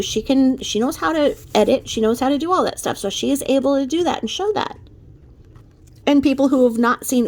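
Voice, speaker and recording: A woman's voice: a little high, darkish tone. A woman delivering a ranting commentary vlog from her home desk, emphatic and repetitive in her scolding. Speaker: commentary vlogger.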